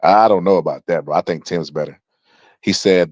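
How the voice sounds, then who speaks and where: Deep-voiced man, laid-back boxing commentary, tired, keeps saying bro, dull dry recording. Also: normal speed, a little mellow, dry recording. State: tired from staying up late. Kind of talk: casual livestream commentary.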